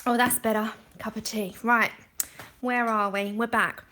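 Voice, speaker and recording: A woman's voice: a little high, fairly even intonation, a little slow, sharp tone, a little hiss or hum. A woman hosting a livestream, chatting casually while explaining her colouring steps and thanking viewers by name. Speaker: livestream art host.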